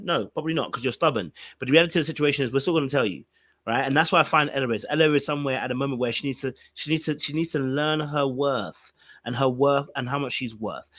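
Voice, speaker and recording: A man, co-hosting a podcast and giving animated, emphatic reality-TV commentary, repeating phrases for effect. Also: medium pitch, dry recording. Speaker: podcast co-host.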